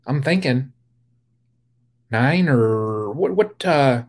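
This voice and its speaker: A man's voice: medium pitch, takes it slowly, long pauses. A man hosting a casual beekeeping livestream, rambling with lots of fillers and greeting viewers by name. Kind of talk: casual live-stream chat.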